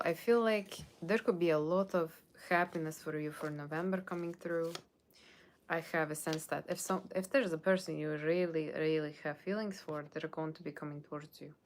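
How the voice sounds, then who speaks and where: A woman's voice: deep voice, slight background noise. A woman giving a live tarot reading, chatty and rambling, reading viewers' comments aloud and answering them in a playful put-on Halloween voice. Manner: puts on a playful Halloween character voice; loose, rambling delivery with frequent "okay?" and "like". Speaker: tarot reader.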